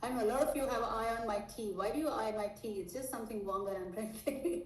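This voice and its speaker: Upbeat lady sales coach, kinda high voice, sounds far off from the mic in an echoey room. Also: fast talker. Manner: high-energy, animated explaining; checks in often with the audience. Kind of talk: live online sales training.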